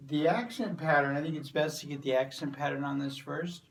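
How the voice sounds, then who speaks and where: A man giving a drum lesson, explaining crash patterns step by step in a relaxed way with plenty of fillers. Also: a little high, a little fast, gravelly, slight background noise. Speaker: drum teacher. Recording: voice from a distance from the mic. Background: drum kit and cymbals.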